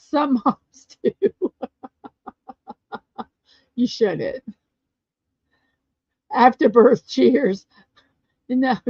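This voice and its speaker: A woman hosting a casual livestream chat show, chatty and quick to laugh as she tells stories and answers viewer comments. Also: a little high, slightly rough, no echo. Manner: chatty, laughs often, storytelling. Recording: dull lo-fi dry sound.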